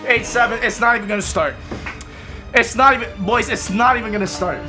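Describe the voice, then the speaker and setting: A young man streaming games live, chatting casually and excitedly to his viewers and joking as he goes. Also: high voice, brisk. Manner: excitable, joking, keeps calling viewers boys and lads. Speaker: gaming streamer. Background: game and trailer music.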